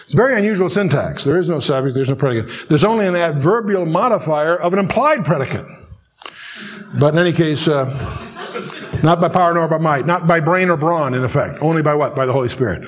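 A man teaching the Bible verse by verse, reading scripture slowly and then explaining it with dry, joking asides. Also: a little high, expressive.

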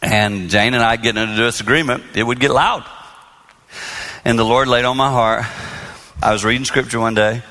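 A man with a bright, ringing tone delivers a sermon-style talk about marriage to a live audience. He speaks earnestly and with animation, often leaning on an ordinary middle pitch. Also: fairly even intonation, moderate pace.

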